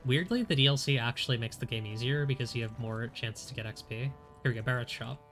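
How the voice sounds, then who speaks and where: This man talks fast in a medium-pitched, slightly bright voice, sounding congested as he streams a game. He keeps up a chatty, self-mocking commentary over faint background game music.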